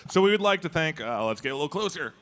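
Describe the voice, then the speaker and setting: A man's voice: on the high side, animated, racing, fairly bright tone. A man hosting a convention closing ceremony on stage, joking loosely with his co-host as he reads out sponsor names. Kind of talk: live stage banter. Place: large convention hall stage. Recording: convention hall with crowd noise. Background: crowd and room noise.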